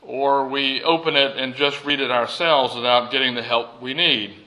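A man preaching a sermon to his congregation in a lively, conversational way and asking them questions. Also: mid-range voice, moderate pace, rough recording. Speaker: pastor. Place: church.

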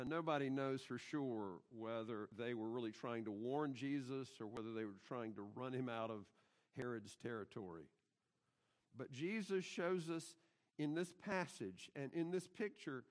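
A middle-aged pastor preaching a sermon in his church, emphatic and putting rhetorical questions to the congregation. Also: mid-range voice. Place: church sanctuary.

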